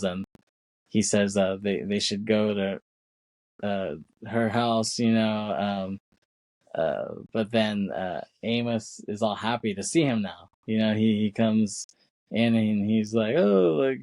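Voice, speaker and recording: A man's voice: on the low side, steady tone, a little slow, a little mellow, no room sound. A man co-hosting a podcast, retelling a film's scenes in a rambling casual way, with many fillers and acted-out quotes. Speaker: podcast co-host. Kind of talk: casual film recap chat.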